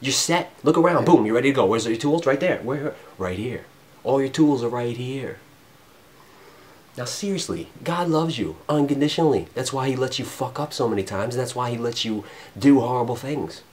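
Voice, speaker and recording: A man going off in an unscripted spiritual rant, rambling and cursing, swinging between loud emphasis and low mutters. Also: lively intonation, brisk, slight background noise. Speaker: vlogger.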